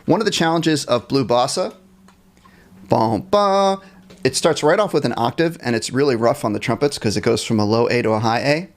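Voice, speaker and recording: A man at an everyday middle pitch teaches a jazz band class live over a computer mic. He counts off bars, sings short scat lines and jokes about his own slips. His tone stays relaxed and encouraging. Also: fast talker, hardly any pauses. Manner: upbeat and encouraging, counts off and scats melodies; self-deprecating about small mistakes. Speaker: music teacher.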